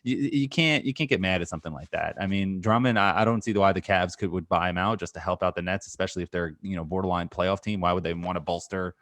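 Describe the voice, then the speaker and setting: Low-voiced guy on a podcast, chatty and rambly, laughing a lot, dry close mic. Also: quick pace, hardly any pauses, fairly bright tone, no room sound. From New York area. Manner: rambling, laughs often, many restarts. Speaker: podcast co-host. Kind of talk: casual sports chat.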